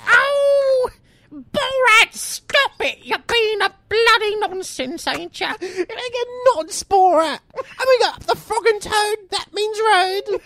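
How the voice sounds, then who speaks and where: A shrieking mock-Cockney lad. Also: male voice, animated, slow pace, long pauses, dry recording, exaggerated voice. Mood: manic, mocking. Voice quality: squeaky falsetto, shouting and cackling. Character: shrill exaggerated young Cockney man, rowdy and silly.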